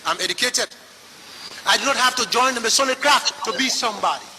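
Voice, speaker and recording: A man giving a forceful public political speech to a crowd. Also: very high-pitched, brisk, in a large hall, noisy background. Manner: forceful oratory.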